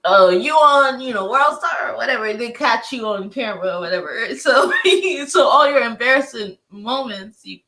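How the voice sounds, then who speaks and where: A woman's voice: fairly high pitch, expressive, normal speed, few pauses, pushed and bright. A young woman chatting casually, laughing often and talking with lots of fillers. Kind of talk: casual chat.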